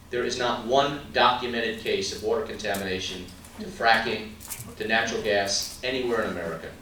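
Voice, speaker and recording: A man's voice: medium pitch, fairly bright tone, a little hiss or hum. A man giving an emphatic campaign stump speech at a party meet-and-greet, firing rhetorical questions and asides at the crowd. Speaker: political candidate. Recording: very echoey room from far off.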